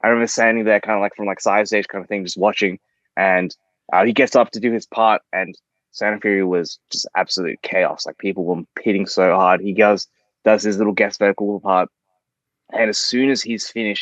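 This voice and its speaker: A man's voice: on the low side, fairly bright tone, no room sound, dull audio. A man guesting on a podcast in casual chat, often stumbling and restarting his sentences. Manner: stumbling, restarting, self-interrupting. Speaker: podcast guest, band member.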